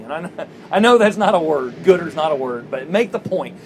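Animated high-voiced male pastor preaching. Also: a little fast, slight background noise, rough recording. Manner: animated storytelling, acting out quoted voices. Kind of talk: sermon.

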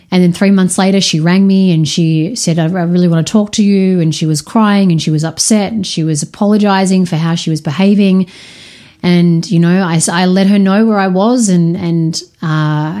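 Frank, swearing woman with a low, mellow voice. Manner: frank, swears freely, many restarts. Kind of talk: candid personal storytelling.

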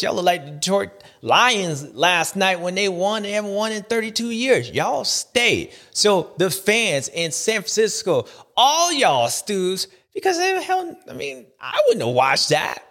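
A man's voice: sits high, a bit bright. A man hosting a casual, joking commentary, talking in slang and mimicking other people. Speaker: host.

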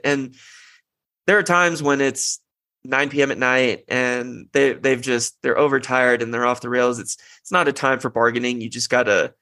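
On his parenting podcast, a young man with a medium-pitched, sharp-toned voice speaks at a normal speed, with no room sound. The casual, reflective monologue comes across as earnest, with frequent restarts and plenty of "you know" fillers.

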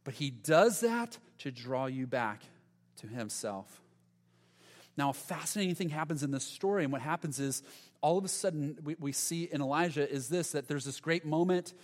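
A pastor preaching a sermon to his congregation, animated and conversational, with dramatic pauses. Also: fairly high pitch. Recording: long hall reverb.

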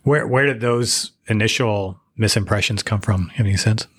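A man's voice: lowish voice, normal speed, fairly bright tone, breathy edge. A man hosting an interview, reading out numbered questions and giving short agreeing replies. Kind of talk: casual interview chat.

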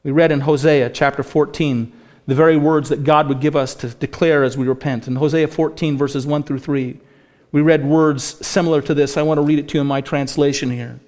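High voiced guy preaching a sermon, gets loud on the big lines then goes soft and low. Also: fairly even intonation, fairly quick. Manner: impassioned preaching, rising to near shouts on quoted lines; drops to a low, soft voice for God's promises. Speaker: pastor.

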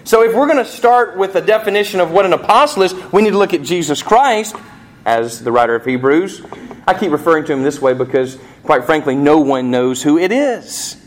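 A man preaching a sermon as pastor, animated, with rising emphasis and rhetorical questions. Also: on the high side, a little fast.

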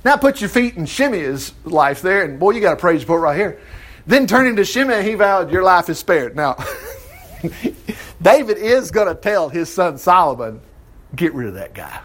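A man teaching an informal Bible study, reading scripture aloud and breaking in with lively comments. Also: sits high, moderate pace.

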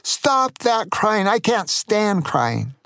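A man voicing an angry male pizza pirate pilot in a children's story, shouting in a high, strained voice. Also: big pitch swings, slow pace, vocal fry, exaggerated voice. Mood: furious.

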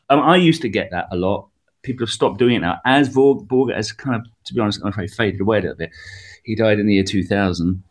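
Rambling, lowish-voiced male comedian guest. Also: brisk. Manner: rambling, animated, with many restarts. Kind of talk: radio interview conversation.

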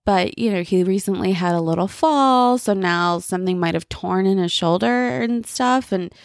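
A woman hosting a podcast alone, talking in a candid, reflective and halting way while she feels worn out and frayed. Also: medium pitch, no echo, clean studio sound. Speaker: podcast host. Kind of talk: casual personal monologue.

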